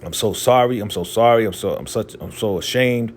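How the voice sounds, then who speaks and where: A man's voice: on the low side, brisk, slight background noise, close to an everyday voice. A man voicing an ashamed, frightened older female cult elder who apologizes and stammers.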